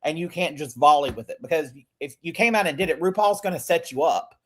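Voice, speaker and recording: A man's voice: fairly high pitch, fast talker, fairly bright tone, slight background noise. A man hosting a casual recap podcast, chatty, swearing casually and often laughing as he talks. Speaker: podcast host.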